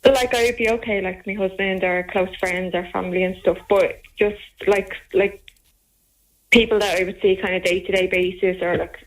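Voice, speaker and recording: A woman's voice: mid-range voice, steady tone, normal speed, poor audio. A woman calling in to a radio show, talking with plenty of "like" fillers. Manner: talks with lots of "like". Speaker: caller. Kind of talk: phone-in chat.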